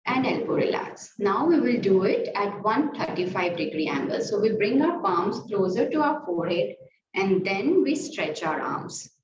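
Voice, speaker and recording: Female yoga teacher, unhurried guided breathing cues, distant roomy recording with background noise. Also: mid-range voice. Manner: slow, calm cueing of breath and movement. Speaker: yoga instructor. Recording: roomy, distant, muffled, noisy room sound.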